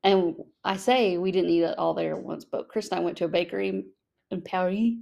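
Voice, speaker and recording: A woman's voice: on the low side, a little fast, creaky, darkish tone. A young American woman co-hosting a podcast, chatty, laughing easily and acting out little quotes. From United States. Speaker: podcast co-host. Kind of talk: casual chat.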